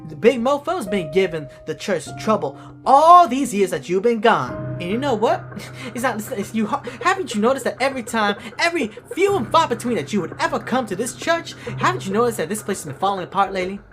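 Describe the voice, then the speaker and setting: A woman's voice: on the high side, very animated, fairly quick, a bit bright. Woman doing an exasperated churchgoing sister, stammering. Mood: scolding. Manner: stammering, repetitive, ranting. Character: exasperated churchgoing sister scolding her brother. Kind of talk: comedic skit acting. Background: music.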